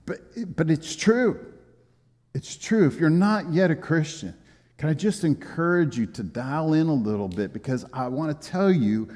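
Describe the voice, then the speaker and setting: A man's voice: medium pitch, a little mellow. Folksy male pastor in a reverberant church. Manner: folksy storytelling with humor. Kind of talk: sermon. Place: church sanctuary. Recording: long reverb of a church hall.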